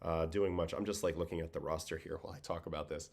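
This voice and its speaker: Man host with a faint New York-Boston accent, deep voice, relaxed and a bit worn out, casual livestream talk. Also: quick pace. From Brooklyn, New York. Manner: relaxed, conversational, reads chat questions aloud. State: tired. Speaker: livestream host, former pitcher. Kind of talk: casual livestream chat answering viewers.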